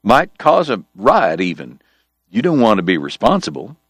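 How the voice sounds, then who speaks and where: A man voicing a dry-witted brother who jokes in a mock-serious, deadpan way. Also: fairly low pitch, moderate pace, breathy edge, no echo, voice pushed up, full character voice.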